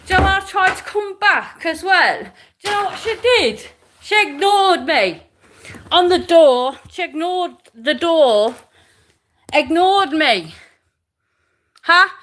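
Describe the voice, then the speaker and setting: A woman's voice: high-pitched, bright, forceful tone. A woman in an angry, swearing live-stream rant, repeating herself and making threats.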